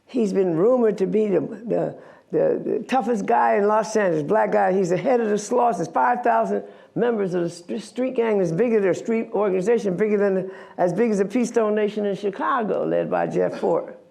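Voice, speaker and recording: Brief: American woman in her 80s, gravelly, candid and animated speaking to an audience. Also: mid-range voice, normal speed. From United States. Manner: candid, wry, animated storytelling with self-mocking laughs. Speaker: guest speaker, activist. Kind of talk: storytelling talk before an audience.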